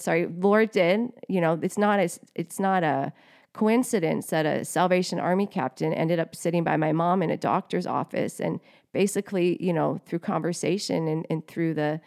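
A woman's voice: lowish voice, moderate pace, gravelly, darkish tone. A woman co-hosting a faith podcast, sharing her testimony in a heartfelt, emotional way with many fillers. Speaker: co-host.

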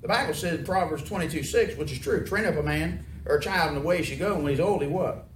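Male preacher, folksy sermon, fairly high voice, echoey room, mic from far off, noisy background. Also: fast talker. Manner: folksy, asks the congregation questions. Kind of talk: sermon with call and response.

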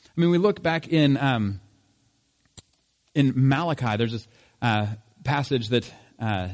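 A man delivers a sermon at a middle pitch. He preaches in a relaxed, conversational way and keeps asking his listeners rhetorical questions. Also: slow pace. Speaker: pastor.

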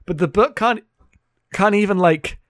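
A man's voice: high-pitched, unhurried, no room sound. A man co-hosting a podcast, recapping a book in a sardonic, laughing, rambling way on a close mic. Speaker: podcast co-host. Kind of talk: comedic book recap chat.

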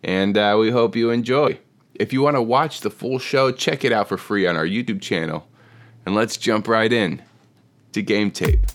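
A man hosting a casual improv podcast, his voice pitched very low and roughened into a gravel by illness. He keeps an upbeat, playful tone despite the hoarseness. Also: normal speed. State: sick, hoarse.

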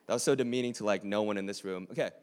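A man's voice: on the low side, very fast, darkish tone, smooth. A man preaching a sermon to a live room, earnest and conversational, with joking asides to the audience.

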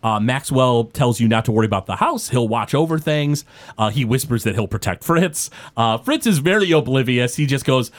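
A man's voice: medium pitch, animated, moderate pace. A man narrating a tabletop role-playing game as game master, in a loose way with many fillers.

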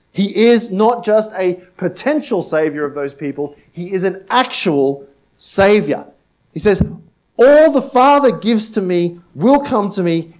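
Conversational man preaching a sermon. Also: sits high. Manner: conversational preaching with frequent "right?" and "like" asides; repeats key phrases for emphasis, drops to a hush at times. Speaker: pastor.

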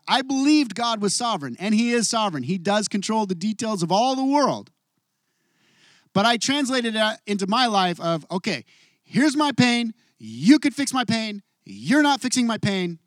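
High-voiced man preaching a sermon. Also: dry recording, studio quality. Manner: expressive, swings from hushed to emphatic. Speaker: pastor.

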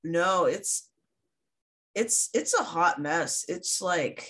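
A woman's voice: lowish voice, very slow, a bit bright. A woman co-hosting a podcast, recapping a cartoon over a video call, blunt and casual, swearing freely. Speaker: podcast co-host.

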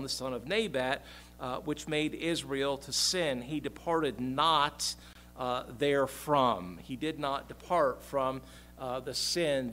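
A man teaching a Bible study to his congregation, speaking haltingly with frequent fillers and repeated words, and calling on members by name. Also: medium pitch, a bit bright, slight background noise. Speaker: pastor.

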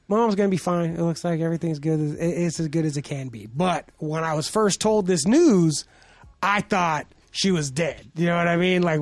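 A man's voice: on the high side, no echo. A man co-hosting a podcast, telling a personal story in a casual, profane, rambling way. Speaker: podcast co-host. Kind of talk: casual chat.

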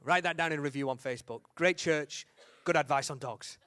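A young man preaching a humorous sermon, telling a story with lively acted-out quotes and sudden shouts. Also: on the high side, a little fast, slight background noise.

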